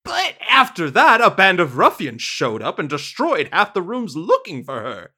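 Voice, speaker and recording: Woman doing a gruff frontier saloon mare. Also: on the low side, wildly swooping pitch, moderate pace, sharp tone, full character voice. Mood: gruff suspicious. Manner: folksy drawl, scoffing. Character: gruff Western saloon-owner mare, suspicious.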